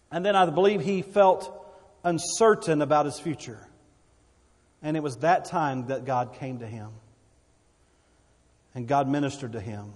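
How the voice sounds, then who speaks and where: A man preaching a sermon in a church, his somewhat high voice carrying a long reverb from the hall. He speaks emphatically and repeats words as he presses his point. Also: unhurried, pauses often, darkish tone. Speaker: pastor.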